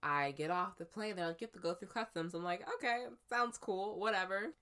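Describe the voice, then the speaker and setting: Woman, bright tone, animated casual storytelling, quotes people in voices. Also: mid-range voice, a little fast. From United States.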